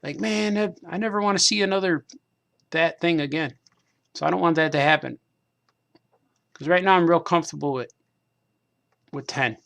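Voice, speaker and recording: Man, slightly high gravelly voice, loose rambling chat while crafting, self-deprecating. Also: normal speed, long pauses, a bit bright. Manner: meandering, self-deprecating, repeats himself. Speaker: cartoonist hosting a craft stream. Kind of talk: casual rambling monologue while painting figures.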